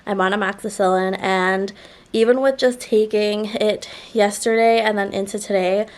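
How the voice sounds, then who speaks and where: A woman's voice: mid-range voice, steady tone, normal speed. A woman vlogger chatting casually to camera, her voice a little nasal as she gets over a sore throat, rambling with lots of "like" fillers. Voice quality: slightly nasal.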